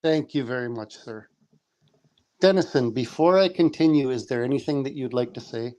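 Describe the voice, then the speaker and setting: A man's voice: medium pitch, normal speed, darkish tone. An older man with a Canadian accent and a lisp, needling another panelist in a casual livestream debate. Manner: needling, repeats the other man's name.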